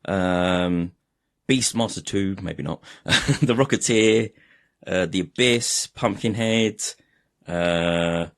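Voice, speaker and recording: A man's voice: low voice, slow pace. A man co-hosting a podcast, chatting casually with sweary, laughing banter. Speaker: podcast co-host. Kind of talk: casual chat.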